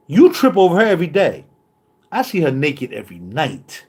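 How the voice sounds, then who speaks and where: A man's voice: fairly high pitch, wildly swooping pitch, moderate pace, a little mellow. A man holds forth in a casual monologue from his home recording studio. His talk is boastful, streetwise banter. He keeps a loose, easy flow. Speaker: vlogger.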